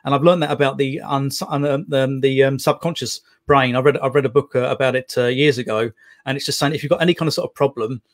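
A man talks quickly about writing poetry, rushing through long thoughts. He rambles, restarting sentences and leaning on fillers. His pitch sits in a middling range. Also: fairly even intonation. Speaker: poet guest. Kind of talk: casual interview talk.

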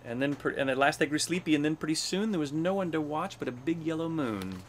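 A man's voice: a little high, expressive, fast talker, a little hiss or hum. A man reading a children's rhyming storybook aloud, giving the animals little voices in a sing-song way. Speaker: storybook reader. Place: aboard a space station.

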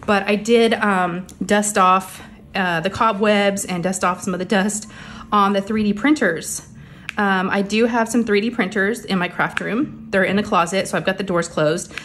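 Woman, middle-aged, chatty home crafting vlogger; rambling, a bit short of breath, soft hum behind her. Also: medium pitch, steady tone, moderate pace. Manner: chatty, rambling, many fillers. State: a little out of breath, under the weather. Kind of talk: casual chat while crafting. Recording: faint background hum of printers.

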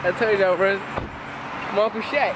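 A man's voice: high-pitched, moderate pace, background noise. A young man filming a casual vlog outdoors at a youth football game, joking and hyping the camera in slangy talk. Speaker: vlogger.

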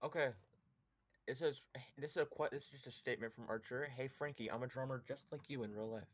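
A man's voice: medium pitch, quick pace, no echo. A man hosting a comedic Q&A, reading viewer questions aloud with playful asides.

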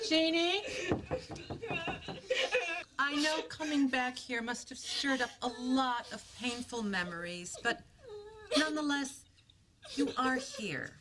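A woman acting in a sitcom as a sharp, exasperated wife. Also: sits high, expressive, slow pace, long pauses, a crowd in the background. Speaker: actress playing a bickering wife.

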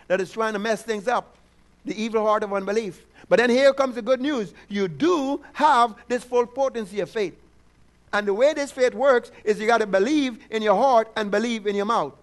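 Guy preaching a sermon, really high voice, keeps asking for responses and drags out words for emphasis. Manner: preaching with call-and-response prompts, repeated affirmations. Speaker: pastor.

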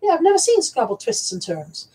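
A woman's voice: extremely high pitch, huge pitch swings, a little fast, warm tone, low-quality recording. A woman with a Bristol accent, chatting casually on a live stream while showing her thrift haul, rambling and restarting her words. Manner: chatty, rambling, repeats words and restarts, reads out viewer comments.

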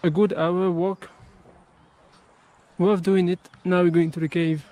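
A man's voice: high-pitched, level tone, unhurried, mellow, low-quality recording. A young man making a casual travel vlog outdoors on a hike, talking into an action camera with blunt, offhand remarks and the odd swear word. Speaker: travel vlogger. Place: outdoors on hiking trails and in caves.

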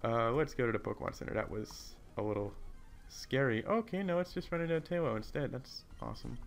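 A man's voice: mid-range voice, fairly quick, vocal fry, faint music behind. A man casually commentating a video game, rambling and easily distracted, keeping his voice down in an echoey hotel room. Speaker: gameplay commentator. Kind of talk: casual let's play commentary.

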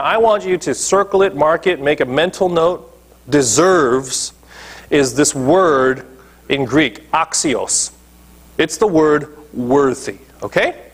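A man's voice: on the high side, breathy edge. A male pastor preaching a sermon emphatically, often checking in with his listeners. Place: church.

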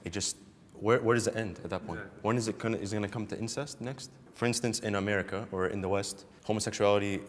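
A man's voice: fairly low pitch, steady tone, fast, a little hiss or hum. A man in a debate, arguing persuasively with rhetorical questions. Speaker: debate participant. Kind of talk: debate statement.

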